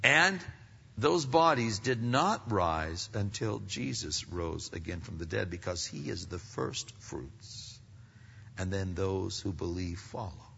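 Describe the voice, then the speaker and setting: A bright, forceful male preacher delivers a sermon, rising to loud emphatic peaks and falling to near-whispers. His voice rings through a large hall with a long reverb. The sound is slightly dull and muffled. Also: expressive, slow pace, vocal fry, a little hiss or hum. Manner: dramatic swings between loud emphatic peaks and hushed low passages. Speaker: pastor.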